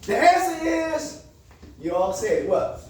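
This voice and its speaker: A man's voice: very high voice, sing-song, takes it slowly, a little mellow, slight background noise. A man counseling a group in a motivational call-and-response style, asking leading questions for the listeners to finish and often raising his voice for emphasis. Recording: echoey room, far from the mic.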